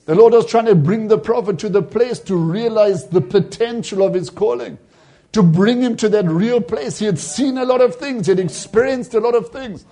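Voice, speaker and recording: Husky high-voiced man preaching. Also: moderate pace, warm tone. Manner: quotes voices in the story with rising emphasis. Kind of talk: sermon retelling a vision.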